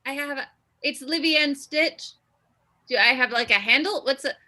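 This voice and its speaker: Bright, high-voiced woman on a call. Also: normal speed. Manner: flustered, giggly self-promotion. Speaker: cast member promoting her shop. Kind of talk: casual chat on a video call.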